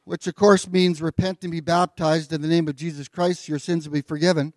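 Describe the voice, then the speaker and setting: A pastor giving a sermon in a relaxed, conversational way, with filler words and joking asides, as he reads and explains scripture. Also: fairly high pitch, brisk, no room sound, clean studio sound.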